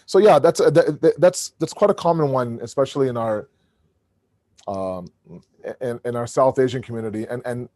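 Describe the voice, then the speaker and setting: Booming animated male lecturer. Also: moderate pace, dry recording, studio quality. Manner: animated, many restarts. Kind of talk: online religious lecture. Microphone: video call.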